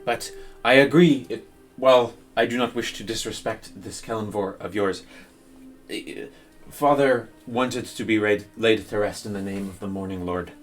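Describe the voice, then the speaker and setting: A man voicing a weary young nobleman who speaks formally in halting, pause-filled sentences. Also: lowish voice, soft background music, close to an everyday voice. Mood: grave.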